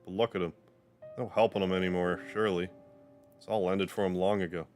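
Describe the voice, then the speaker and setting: A brash young female thief who pushes and teases, blunt in every word, as a man with a deep voice reads her lines aloud. She speaks with a rough, impatient edge, and faint music plays behind her. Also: steady tone, fairly quick, darkish tone, lightly acted. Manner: blunt, teasing.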